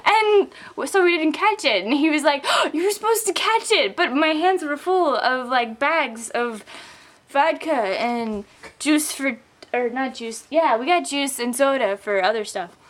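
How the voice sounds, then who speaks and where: A tipsy young woman rambles through a story with a slightly high voice, giggling as she goes. She fills her talk with likes and ums, speaking into a handheld camera mic. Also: unhurried. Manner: giggly, rambling, full of fillers. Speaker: vlogger. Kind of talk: casual rambling vlog rant.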